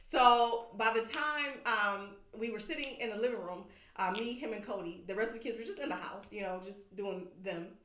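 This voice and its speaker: On a podcast, a woman candidly shares an emotional personal story, animatedly acting out the voices of others. Her mid-range voice moves at normal speed with hardly any pauses, recorded in an echoey room.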